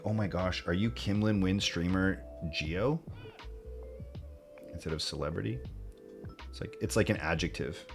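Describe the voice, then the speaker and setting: A man streaming live, chatting casually and animatedly with his viewers and mimicking excited fans. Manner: animated, laughing, mimics fans in high squeals.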